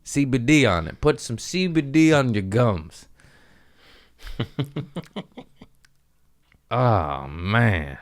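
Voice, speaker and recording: A young adult man hosting a podcast, telling a story in casual chat, animated and profane, acting out voices and yelps. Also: medium pitch, extremely slow, long pauses. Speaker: podcast host.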